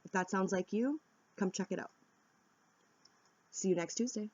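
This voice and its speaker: A woman's voice: mid-range voice, moderate pace, darkish tone, no echo, lo-fi sound. A woman wellness vlogger giving earnest, candid self-help advice to viewers. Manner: earnest, coaching, direct and candid. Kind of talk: instructional self-help talk.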